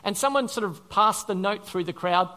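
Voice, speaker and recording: A man's voice: sits high, moderate pace, sharp tone. A man preaching a sermon as pastor, earnest, repeating phrases for emphasis and asking his listeners questions.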